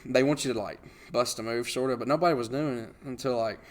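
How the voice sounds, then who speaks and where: A man's voice: medium pitch, fast. A young adult man hosting a podcast, telling a story in casual chat and laughing often along the way. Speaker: podcast host.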